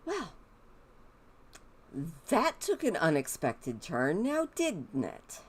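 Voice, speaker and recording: Woman gaming streamer, lower voice, slow easy delivery, bouncy intonation, talks to her game characters. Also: wildly swooping pitch. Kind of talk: live gameplay commentary.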